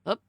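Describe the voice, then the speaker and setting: A woman's voice: no room sound, clean studio sound. A young adult woman streamer chatting casually with her viewers, greeting them by name and swearing freely. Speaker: livestreamer.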